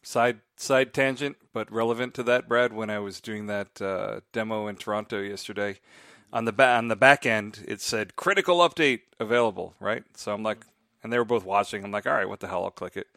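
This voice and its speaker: A man's voice: fairly low pitch, a little fast, vocal fry, bright, forceful tone, no room sound, studio quality. A man co-hosting a casual podcast chat, teasing and jokey in tone. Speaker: podcast co-host.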